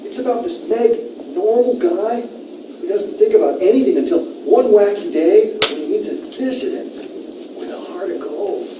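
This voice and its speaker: Male teacher doing a high, drawling surfer-dude teen boy, roomy and distant, noisy. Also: animated, normal speed. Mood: gushing. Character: laid-back surfer-dude teenage boy. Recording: roomy room from far off, noisy.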